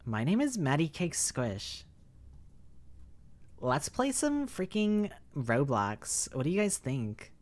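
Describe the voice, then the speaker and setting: A man's voice: fairly high pitch, very animated. A man putting on a bubbly valley girl. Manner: drawn-out valley girl lilt.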